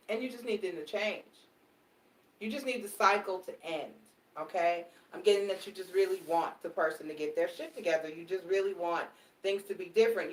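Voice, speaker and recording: A woman giving a live tarot reading, animated and repetitive, speaking straight to her audience. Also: on the low side, moderate pace, roomy sound, distant mic. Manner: animated, repetitive, swears casually, talks to the audience directly. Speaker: tarot reader.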